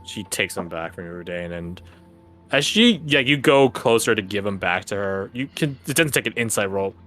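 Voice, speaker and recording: A man's voice: lowish voice, expressive, normal speed, fairly bright tone, faint music behind. A man narrating as game master of a tabletop game in a casual, laughing manner and swearing freely.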